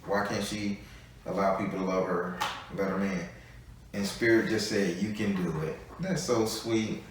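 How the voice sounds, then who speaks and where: A man's voice: lowish voice, measured pace, background noise. A man giving a live tarot reading, talking bluntly and freely, with a good deal of swearing. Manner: blunt, profane, chatty. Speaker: tarot reader. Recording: echoey room, voice from a distance.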